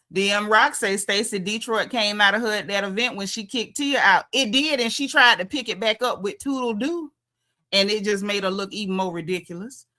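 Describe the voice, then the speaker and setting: Recapping a show on a loose livestream, a woman from the Southern United States speaks at medium pitch with bright punch. Her style is emphatic and sassy with a down-home flavor, pressing each point and saying it again for effect.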